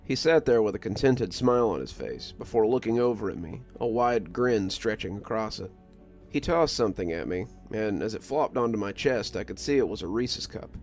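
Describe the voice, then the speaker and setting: A man reading a scripted first-person story in a calm, measured manner. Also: fairly low pitch. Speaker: narrator. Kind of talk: scripted horror story narration. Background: soft music.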